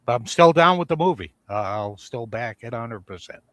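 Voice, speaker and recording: A man co-hosting a casual live podcast, talking in an easygoing, unhurried way. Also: mid-range voice, animated, fairly bright tone, no room sound. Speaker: podcast co-host. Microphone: video call.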